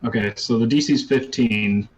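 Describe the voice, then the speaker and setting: A man runs a tabletop role-playing game, calling for rolls and describing scenes. He talks in a loose, relaxed way, full of ums and uhs, at a mid pitch. The recording sounds dull and lo-fi. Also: moderate pace. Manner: relaxed, with many fillers. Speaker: game master.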